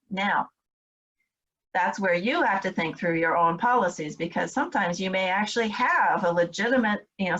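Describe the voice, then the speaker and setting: A woman's voice: mid-range voice, a bit bright, muffled recording. A woman instructor giving a recorded training lecture, explaining step by step with frequent fillers and check-ins with her listeners. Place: home, in Michigan.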